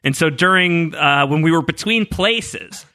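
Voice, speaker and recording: A man co-hosting a casual TV recap podcast, lively and laughing often, acting out character quotes. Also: on the high side, unhurried, dry recording, clean studio sound. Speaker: podcast co-host.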